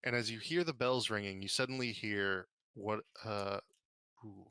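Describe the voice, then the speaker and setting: Man, game master, casual narration, lowish, dry close sound. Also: fairly even intonation, moderate pace, pushed and bright, smooth, dry recording. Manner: casual, descriptive, full of fillers.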